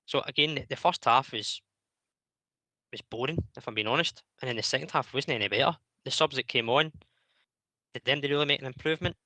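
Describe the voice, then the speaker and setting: A man hosting a football phone-in, giving steady, matter-of-fact match analysis. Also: mid-range voice, a little fast, no room sound, poor audio. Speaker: radio show host. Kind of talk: casual football chat.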